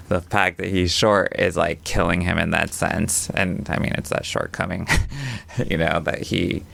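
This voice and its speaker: A man's voice: sits low, gravelly, a bit bright. A man co-hosting a casual podcast, easygoing, laughing often and saying "like" a lot.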